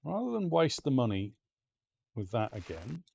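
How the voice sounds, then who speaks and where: A man's voice: medium pitch, wildly swooping pitch, moderate pace, gravelly, warm tone, breathy edge, highs cut off. A man with an Ulster Scots accent giving casual let's-play commentary, chatty and muttering to himself, now and then swearing. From Northern Ireland. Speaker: game streamer.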